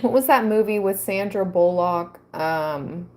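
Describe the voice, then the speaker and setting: A woman hosting a tarot reading channel, talking in a relaxed, unhurried way at a middle pitch. She reads passages aloud and muses over them, dropping soft exclamations as she goes. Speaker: tarot reader. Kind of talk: slow casual tarot reading to viewers.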